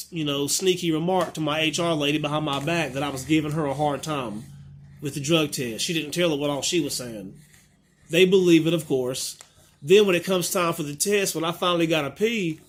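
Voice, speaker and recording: A man's voice: fairly high pitch, moderate pace. A man in his thirties telling a story to his viewers in a casual, exasperated way, acting out both sides of the conversation. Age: 30s. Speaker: vlogger.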